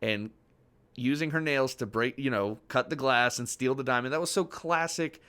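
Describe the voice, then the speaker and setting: A man's voice: medium pitch, normal speed, a bit bright, clean tone. A man co-hosting a casual podcast, talking with enthusiasm, retelling scenes and swearing freely. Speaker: podcast co-host.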